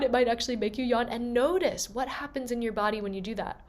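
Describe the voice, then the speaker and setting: A woman voice teacher leading a gentle, encouraging vocal warm-up lesson and demonstrating the sounds herself. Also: fairly high pitch, a little fast, few pauses.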